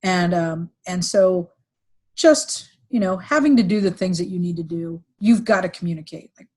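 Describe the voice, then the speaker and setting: A middle-aged woman recounting a painful family story on a podcast, with halting restarts and fillers, sometimes quoting others in livelier voices. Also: lowish voice, a little mellow. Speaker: podcast guest, executive recruiter. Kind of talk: emotional personal storytelling.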